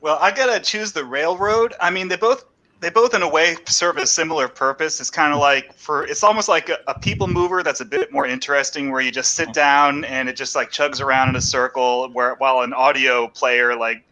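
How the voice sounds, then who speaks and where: A man's voice: fairly high pitch, fairly quick, sharp tone, low-quality recording. A man co-hosting a casual chat, telling rambling stories and laughing as he goes. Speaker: podcast co-host.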